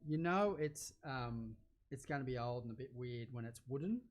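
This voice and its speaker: A middle-aged Australian man hosting a casual cooking livestream, chatting in a rambling way and getting loud when he is excited. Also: medium pitch, normal speed, slight background noise.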